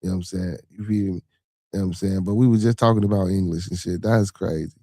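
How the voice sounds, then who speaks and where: Male podcast host, low dark voice, dry close sound, loose profane livestream commentary. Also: steady tone, fast talker, no echo. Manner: profane, repeats 'you know what I'm saying'; reads viewer comments and news aloud.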